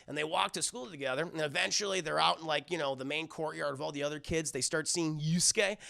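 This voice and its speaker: Guy recapping an anime to his stream chat, high and gravelly, rambles a lot. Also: quick pace, bright, forceful tone. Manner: rambling, fillers, addresses chat. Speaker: anime reviewer streaming live. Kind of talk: casual recap commentary to live chat.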